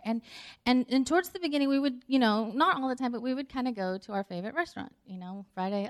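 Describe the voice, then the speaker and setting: A woman's voice: on the high side, quick pace. A middle-aged woman giving a conversational sermon, telling a story with acted-out dialogue and laughter. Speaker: speaker.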